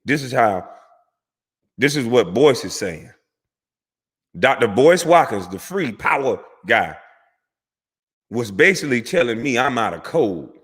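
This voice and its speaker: A man's voice: mid-range voice, sing-song, measured pace, pauses often, breathy edge. A man, a former pro athlete, delivering a heated, profane, preachy rant to camera that repeats words for emphasis. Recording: long hall reverb.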